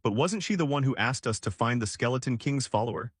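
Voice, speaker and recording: A man's voice: medium pitch, lively intonation, fast talker, breathy edge, no echo, studio quality. A man voicing an earnest, loyal young knight who speaks cautiously but firmly.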